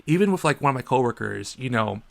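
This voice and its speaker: A man with a gravelly edge in his voice talks through a casual podcast. He tells stories in an animated way and acts out the people in them. His voice sits at an ordinary pitch. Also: fast. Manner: animated storyteller, acts out other people in a high voice. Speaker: podcast co-host.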